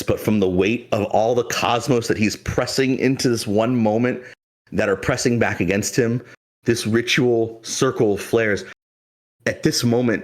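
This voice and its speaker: A man narrating a tabletop game as game master, in dramatic, descriptive fashion with some fillers. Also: fairly low pitch.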